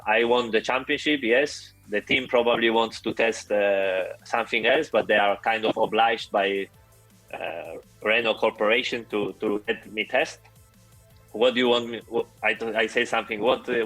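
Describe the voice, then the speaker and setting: Brief: Polish-accented male guest, low voice, halting with fillers, faint music under. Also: a bit bright, poor audio. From Poland. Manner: halting, many fillers and restarts. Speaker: interview guest. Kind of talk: casual storytelling interview.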